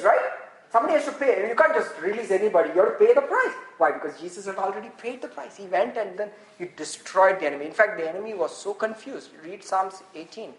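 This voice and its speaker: A man preaching a sermon, animated and full of rhetorical questions. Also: high voice, echoey room, rough recording. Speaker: pastor.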